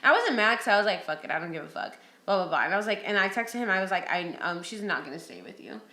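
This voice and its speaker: Bright, blunt woman in an echoey room. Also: mid-range voice, racing. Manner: blunt, profane, animated storytelling. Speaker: podcast co-host. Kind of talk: casual storytelling chat.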